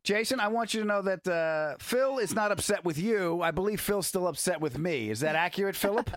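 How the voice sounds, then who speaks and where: Animated podcast host man, dry studio. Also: high-pitched, no room sound. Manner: animated, laughing, quick to defend himself. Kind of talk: casual podcast chat.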